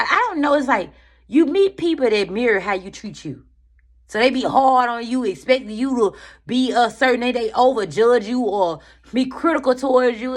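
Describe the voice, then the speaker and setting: A woman giving casual motivational talk as a tarot reader, animated and slangy, swearing freely and calling her listeners friend. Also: fairly high pitch. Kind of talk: casual motivational chat to viewers.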